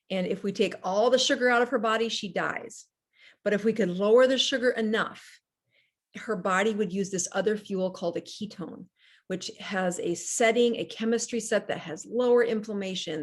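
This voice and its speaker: A middle-aged woman physician telling stories in an interview, earnest and reflective, with restarts and the odd soft laugh. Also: medium pitch. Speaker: physician guest. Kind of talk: casual interview storytelling.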